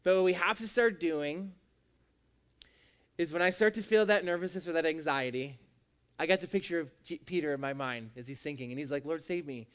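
High-voiced man preaching emphatically. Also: a little fast, a bit bright, clean tone. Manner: emphatic, repetitive preaching cadence. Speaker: pastor. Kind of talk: sermon.

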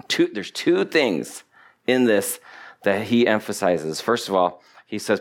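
A man's voice: on the low side, sing-song, unhurried. A man preaching a sermon, emphatic and repetitive, stretching out key words for stress. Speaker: pastor.

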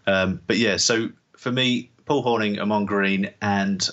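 A man's voice: on the low side, steady tone, unhurried, fairly bright tone, muffled recording. A man co-hosting a podcast in casual sports chat, teasing and laughing easily. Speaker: podcast co-host.

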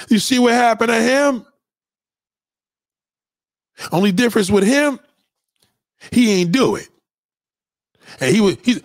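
With a high-pitched voice in clean studio sound free of room noise, a man gives his followers a blunt, heated rant, swearing and restating his points.

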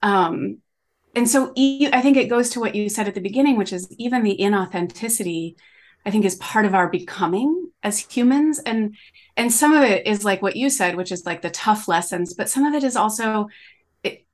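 A middle-aged woman, a coach talking as a podcast guest in an animated, rambling way, full of "like" and "you know". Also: medium pitch, normal speed. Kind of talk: conversational interview.

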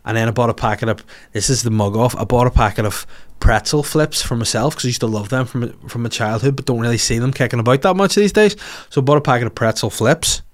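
A man in his thirties with a Northern Irish accent, a comedian hosting a podcast, telling animated comic stories with some swearing. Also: mid-range voice, fast talker. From Northern Ireland. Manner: animated, swearing, acts out voices in quotes. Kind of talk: comic storytelling.

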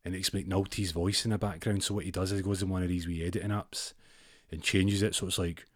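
A Scottish man telling a rambling comic story with deadpan asides. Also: deep voice, brisk, dry recording, studio quality.

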